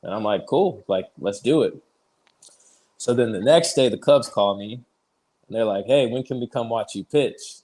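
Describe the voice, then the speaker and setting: A man in his thirties, a pitcher guest on an interview show, telling his story casually, peppered with "like" and easy laughs. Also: unhurried, darkish tone. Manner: chatty, fills speech with "like", retells conversations; laughs easily while telling stories.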